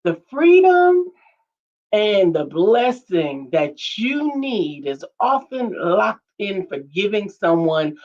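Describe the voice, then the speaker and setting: A woman co-hosts a casual faith-based talk show, speaking earnestly with a preacherly cadence as she reads viewer comments, her voice at a middle pitch. The audio is dull and lo-fi. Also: sing-song, slow pace. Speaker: co-host, coach.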